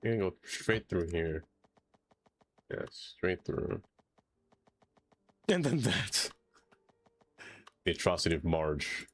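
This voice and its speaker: A man's voice: low voice, animated, slow, pauses often. A man streaming a city-building game, chatting casually and joking to himself as he plays. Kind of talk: casual gameplay commentary.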